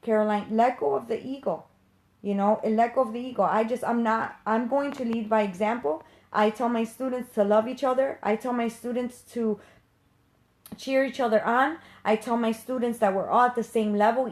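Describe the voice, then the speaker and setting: A woman's voice: fairly high pitch, a little mellow. A woman who works as a medium and teaches others, ranting to viewers in an unscripted live stream, passionate, blunt and emphatic, with casual swearing.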